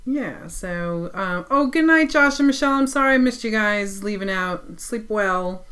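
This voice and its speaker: A woman co-hosting a casual live stream, relaxed and friendly, greeting viewers by name and sharing travel tips. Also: mid-range voice, normal speed.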